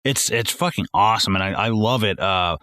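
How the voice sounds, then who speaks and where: A man co-hosting a podcast, chatting casually and excitedly about a film, swearing a lot and acting out lines from it. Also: lowish voice, brisk, dry recording, clean studio sound. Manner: animated, swearing, acts out movie lines in voices. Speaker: podcast co-host.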